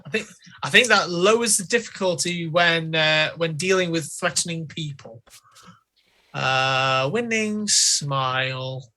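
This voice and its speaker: Slow, bright-voiced game master man. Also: a little high. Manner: slow, deliberate storytelling, often laughs. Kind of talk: narrating a tabletop game.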